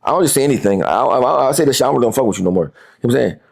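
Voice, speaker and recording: A fast, lively New man in his forties tells his side in a heated interview, jumping all over his range. His voice is rough and husky, with a gravelly edge. He curses freely and stammers through repeated words when fired up. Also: medium pitch. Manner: animated, profane, repeats words when worked up. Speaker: interview guest.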